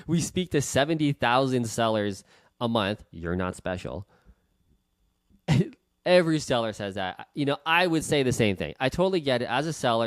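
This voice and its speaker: A man's voice: mid-range voice, dry recording. A man coaching sales calls in blunt, profane casual talk, acting out both sides of phone calls in shifting tones. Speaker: real estate investor teaching sales calls.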